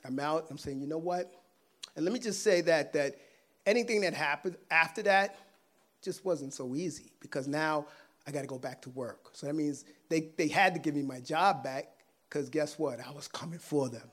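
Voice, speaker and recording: A man with a fairly high voice shares a personal testimony in casual storytelling mode. He is animated and laughs often. His volume swings between loud bursts and hushed asides. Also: moderate pace. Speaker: guest sharing a personal testimony.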